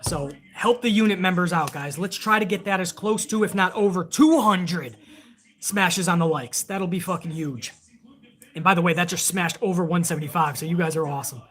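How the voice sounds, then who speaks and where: A man's voice: high voice, normal speed, a bit bright. A man hosting a live wrestling stream, chatting casually and rambling with plenty of swearing while reading viewer donations aloud.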